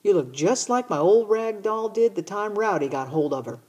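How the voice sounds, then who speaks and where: A woman's voice: mid-range voice, expressive, moderate pace, a little mellow, husky, pitched above the performer's own voice. A woman reading aloud, voicing a nosy, giggly little farm girl in a storybook. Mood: teasing.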